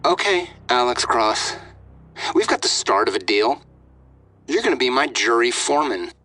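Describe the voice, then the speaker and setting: A man's voice: mid-range voice, very animated, normal speed, pushed and bright, dry recording, far from the mic, pitched above the performer's own voice. A man voicing an unhinged, sneering male hostage-taker who swings from sarcasm to screaming. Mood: smug.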